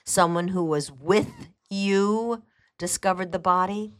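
A woman reading aloud, voicing a male police lieutenant with a crisp, sarcastic delivery. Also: deep voice, normal speed, fairly bright tone.

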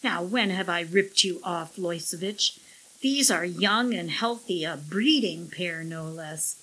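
A woman's voice: on the low side, unhurried, bright, forceful tone, husky, heavily acted, poor audio. A woman voicing a sly, scheming male parrot who snickers and squawks smugly.

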